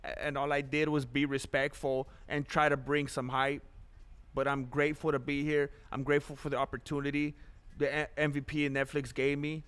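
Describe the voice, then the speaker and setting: A male fighter answering questions in a post-fight interview, measured and matter-of-fact. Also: fairly high pitch, little pitch movement, fairly bright tone, clear, resonant tone.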